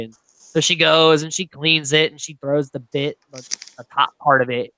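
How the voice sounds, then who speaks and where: A young woman co-hosting a casual podcast, recapping a reality show with animated storytelling, acting out quotes, laughing and swearing freely. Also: low-pitched, normal speed, no echo, low-quality recording. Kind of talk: casual chat.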